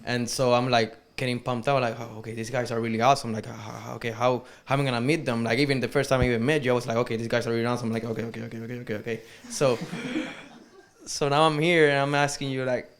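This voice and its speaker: A man's voice: mid-range voice, steady tone, fast. A man in the audience asking a panel an eager, rambling question at an event. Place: event hall.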